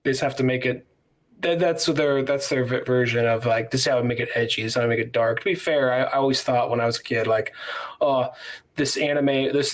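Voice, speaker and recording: Male podcast co-host, easygoing, halting casual speech. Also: medium pitch. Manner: relaxed, halting, with many restarts. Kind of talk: casual chat.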